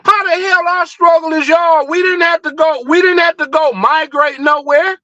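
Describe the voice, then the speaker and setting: On a dry, muffled recording, a livestream host with a very high voice speaks at a normal speed, his tone steady yet pushed and bright. His heated rant is blunt, profane and fired-up, packed with rhetorical questions.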